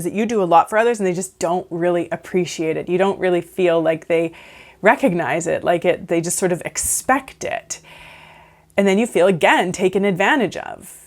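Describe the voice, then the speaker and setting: A woman with a fairly low voice talks through advice as a counsellor. Her delivery is casual and conversational. She often asks "right?" and leans on "like" as she goes. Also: a little mellow. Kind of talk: casual advice talk to camera.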